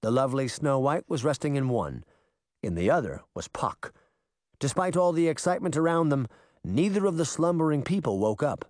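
A man narrating a storybook chapter, his reading lively and expressive. His voice sits a little high and rises and falls a lot. The recording is close and dry. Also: moderate pace, no echo. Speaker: audiobook narrator. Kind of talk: scripted narration.

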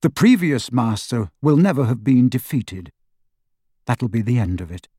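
A man voicing a weary teenage boy wizard, tired, quiet and measured, in an audiobook. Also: mid-range voice, big pitch swings, husky, dry recording, studio quality. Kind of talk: audiobook character voice.

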